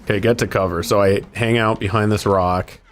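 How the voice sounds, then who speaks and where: A man's voice: fairly low pitch, steady tone, a little fast. A young man hosting a casual gaming stream, joking and swearing freely. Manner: profane, joking, breaks into snatches of song. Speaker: streamer host.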